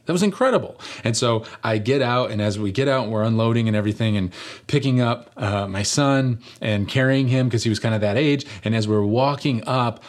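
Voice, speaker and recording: Man, middle-aged, preacher, sermon storytelling, fairly low pitch, conversational. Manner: conversational, animated storytelling with rhetorical questions.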